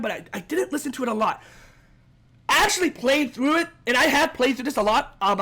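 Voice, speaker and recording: A man's voice: very high-pitched, bright, forceful tone. A young man gushing over a rhythm game update in a rambling, enthusiastic video commentary, full of restarts. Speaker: gaming video creator.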